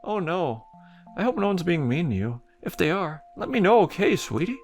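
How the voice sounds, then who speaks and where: A man's voice: sits high, sing-song, a little mellow, faint music behind, voice pushed up. A man doing a sugary nightmare mom. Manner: overly sweet, doting, quick. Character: sugary, unsettling mother in a nightmare.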